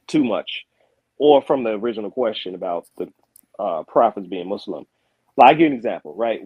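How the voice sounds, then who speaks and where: A man's voice: on the low side, husky, no room sound. A Muslim man in a casual debate, talking loosely and repeating his words as he explains. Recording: dull lo-fi call audio.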